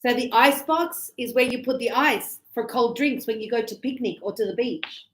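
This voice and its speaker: Australian woman, English teacher, chatty explaining, acts out examples, slightly high voice, echoey room. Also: normal speed, fairly bright tone, slight background noise. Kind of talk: online language lesson.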